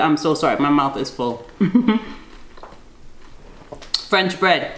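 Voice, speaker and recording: A woman's voice: deep voice, animated, slow pace, long pauses. A woman hosting a home cooking vlog in her kitchen and encouraging her child as they bake. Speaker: host and mother. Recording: echoey kitchen with faint noise.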